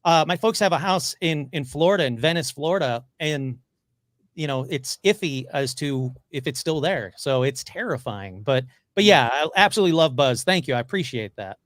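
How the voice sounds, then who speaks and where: A man chatting as a podcast guest, excitable and gushing, rushing through his stories. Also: on the high side, no echo, clean studio sound. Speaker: podcast guest, paranormal investigator. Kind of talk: casual interview chat.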